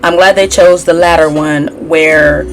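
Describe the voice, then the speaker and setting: A woman's voice: sits low, steady tone, unhurried, vocal fry, faint music behind. A woman giving a casual, sassy gossip recap as a tarot reader, chatty and opinionated. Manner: chatty and sassy, mimics cast members in a raised voice.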